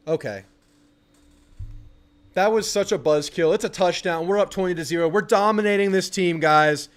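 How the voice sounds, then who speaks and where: A young man hosting a live football watch party, reacting excitedly and ranting with frustration. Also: sits high, normal speed, pauses often. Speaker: sports channel host.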